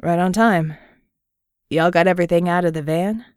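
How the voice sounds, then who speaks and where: A woman's voice: fairly low pitch, normal speed, a little mellow, smooth, no room sound, clean studio sound, natural voice. A woman playing a laid-back man. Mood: easygoing.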